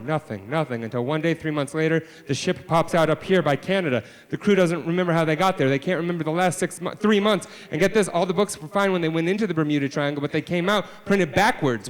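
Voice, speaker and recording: A man, a children's author, telling a story live to a family audience, swinging from hushed deadpan asides to loud exclamations. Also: on the high side, fast talker, hardly any pauses, in a large hall. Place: library event space.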